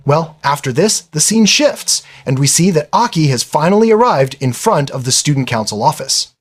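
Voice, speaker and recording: A man narrates an anime episode recap in a casual, chatty way, with a fairly high, husky voice that swings up and down a lot. He keeps dropping in little asides as he tells it. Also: big pitch swings, moderate pace. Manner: chatty, exclaims "man" and "I mean".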